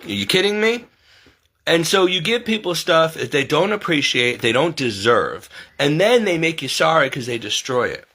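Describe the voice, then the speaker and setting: A man with a bright, forceful voice speaks off the cuff in a heated monologue. He presses his points hard and keeps asking rhetorical questions, sometimes slipping into other people's voices to mimic them. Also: a little high, very animated, moderate pace. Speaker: online commentary host. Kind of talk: unscripted monologue to camera.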